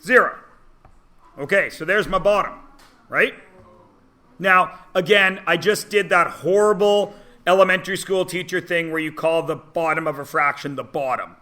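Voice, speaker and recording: A man teaches a math lesson to a classroom of students. His voice sits high and sounds bright and forceful. He teases the students and keeps asking them quick check-in questions. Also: fairly even intonation. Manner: teasing, chatty, asks rhetorical questions.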